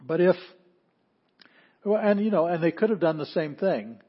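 A man's voice: on the high side, animated, moderate pace, breathy edge, lo-fi sound. A man teaching an introductory Greek class, explaining step by step and often restarting his phrases. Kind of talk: classroom lecture.

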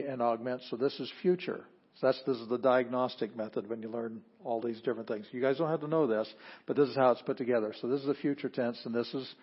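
A man's voice: mid-range voice, breathy edge, muffled recording. A man teaching an introductory Greek class, explaining step by step and often restarting his phrases. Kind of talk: classroom lecture.

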